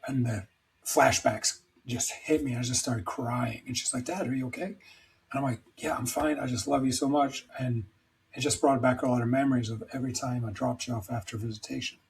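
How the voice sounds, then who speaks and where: A middle-aged man speaks as a podcast guest, telling personal stories candidly in a rambling, emphatic, self-deprecating way. His voice is medium-pitched and creaky, and the recording is rough.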